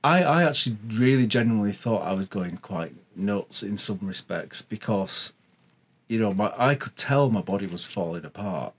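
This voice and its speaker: A man's voice: on the low side, lively intonation, normal speed, husky. A man from England, the interviewer in a casual conversation, sharing his own experience in a chatty, agreeable way.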